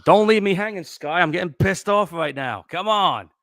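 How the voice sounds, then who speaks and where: A man's voice: high-pitched, expressive, normal speed, gravelly, a bit bright, roomy sound. A man co-hosting a live movie stream, muttering and swearing freely under his breath. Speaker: co-host. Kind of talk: casual live stream chat.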